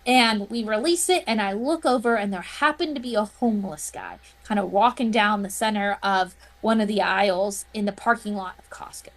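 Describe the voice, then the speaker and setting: A woman's voice: mid-range voice, moderate pace, hardly any pauses. A woman guest on a podcast, telling a personal story in an earnest, heartfelt way. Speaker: interview guest, healing practitioner.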